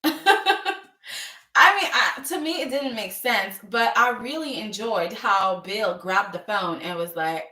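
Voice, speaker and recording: A woman's voice: medium pitch, takes it slowly, echoey room, recorded from a distance. A woman chatting casually as she recaps a soap opera, acting out the characters' lines with lots of laughs. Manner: animated, acts out characters' lines, frequent laughs.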